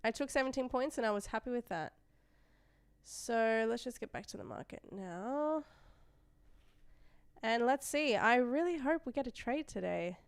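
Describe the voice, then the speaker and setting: A young Australian woman hosts a live trading stream, chatting casually and reading viewer messages aloud as they come in. Her voice is fairly high and smooth, with lively intonation, a moderate pace and long pauses, and she often trails off and starts again. There's no room sound.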